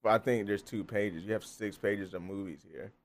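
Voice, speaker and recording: A man's voice: fairly low pitch, normal speed. A man co-hosting a podcast, joking in a laid-back, casual way. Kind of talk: casual chat.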